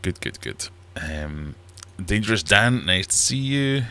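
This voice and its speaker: This lowish male voice is animated but a little slow, sounding pushed and bright with a clean tone. It belongs to a middle-aged man hosting a casual, rambling, self-deprecating livestream chat from his small, warm fish room at home.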